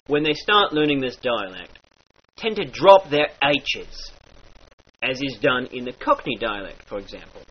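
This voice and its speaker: Slow, lively man teaching a dialect. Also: a little high, husky. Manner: mock-archaic phrasing, slow demonstrations of sounds. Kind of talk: instructional lesson with example phrases. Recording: dull lo-fi recording.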